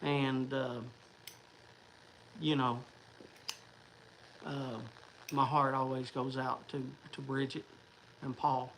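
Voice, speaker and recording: A man's voice: mid-range voice, little pitch movement, slow, long pauses, a bit bright, a little hiss or hum, poor audio. A man hosting a livestream, talking to viewers in a rambling, chatty way. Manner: rambling, chatty, restarts and fillers. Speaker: livestream host. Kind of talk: casual livestream chat.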